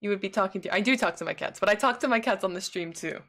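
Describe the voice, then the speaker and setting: A woman's voice: medium pitch, very fast, fairly bright tone. Chatty woman streamer who laughs a lot. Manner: laughs often, chatty, answers chat messages. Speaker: livestreamer. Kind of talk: casual chat with viewers.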